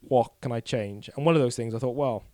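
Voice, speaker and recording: A man's voice: medium pitch, fairly quick, a little mellow, dry recording. A young man, a podcast guest talking candidly and a bit ramblingly, poking fun at himself. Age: 20s. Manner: candid, rambling, self-deprecating. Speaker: guest cyclist. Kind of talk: casual podcast chat.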